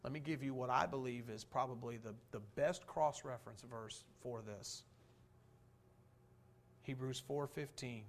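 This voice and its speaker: A man preaching a sermon, posing rhetorical questions and answering them, swinging from fervent emphasis to soft, low reflection. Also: fairly even intonation, a little slow, long pauses, slight background noise. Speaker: pastor.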